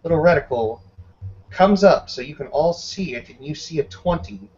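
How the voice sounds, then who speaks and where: A man narrates a tabletop game as game master in a measured, descriptive way. His voice sits a little high. The recording is dull and lo-fi. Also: animated, darkish tone, slightly rough.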